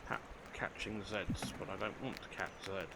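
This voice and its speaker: A man's voice: fairly low pitch, flat delivery, moderate pace, very noisy. An older man, chatting casually through a let's play, joking at his own expense. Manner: chatty, self-mocking, dry humour, talks to game characters. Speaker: gaming channel host.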